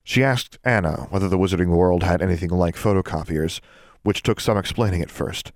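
A man reading fiction aloud as an audiobook narrator, steady and measured. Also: low voice, no echo, clean studio sound. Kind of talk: scripted narration.

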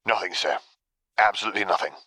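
A man reading the part of a male clone commander, dry and unapologetic, speaking slowly and deadpan. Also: deep voice, husky, no echo, full character voice.

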